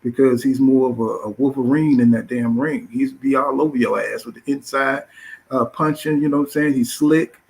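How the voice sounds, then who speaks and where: A middle-aged man talks boxing in a loose, profane, rambling way, working filler phrases into nearly every sentence. His voice sits at an ordinary middle pitch. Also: steady tone, normal speed, rough recording. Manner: profane, filler-heavy, says "you know what I'm saying" constantly. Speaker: boxing show host. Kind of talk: casual boxing talk.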